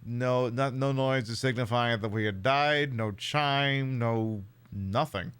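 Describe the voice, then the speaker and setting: A man's voice: medium pitch, slow pace, fairly bright tone, clear, resonant tone. A young man rambling casually in profane live-stream commentary, talking to his chat.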